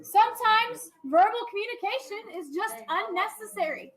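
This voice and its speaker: A woman's voice: very high voice, animated, normal speed, rough recording. A young woman teaching a class, chatty, often checking in with her students. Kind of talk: classroom lecture.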